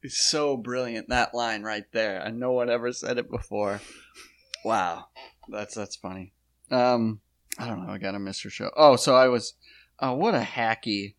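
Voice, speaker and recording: A man's voice: mid-range voice, measured pace, fairly bright tone. A man co-hosting a podcast, chatting casually in a rambling, jokey way and slipping into bits and silly voices. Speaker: podcast co-host. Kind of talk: casual chat.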